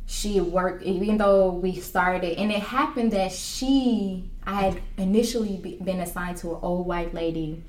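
A woman's voice: lowish voice, unhurried, hardly any pauses. Reflective woman recounting a birth story. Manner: reflective, earnest, many fillers. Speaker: doula, guest. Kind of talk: personal storytelling in an interview. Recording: roomy, from a distance.

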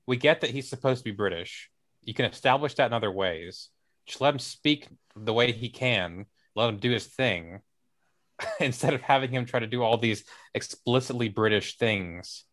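A man's voice: medium pitch, moderate pace, a bit bright. A man co-hosting a casual discussion, talking in a rambling, hesitant way with many restarts. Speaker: podcast co-host.

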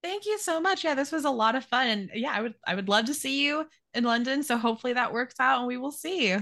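A woman's voice: high-pitched, quick pace. A woman from Arizona with an American accent, a guest author chatting animatedly in a podcast interview. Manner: animated, self-deprecating, many likes. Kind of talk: casual interview chat.

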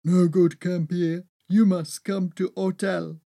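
A woman voicing a gruff local man who speaks slow, broken English. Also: lowish voice, little pitch movement, dark tone. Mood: warning. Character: gruff foreign local man, blunt warning.

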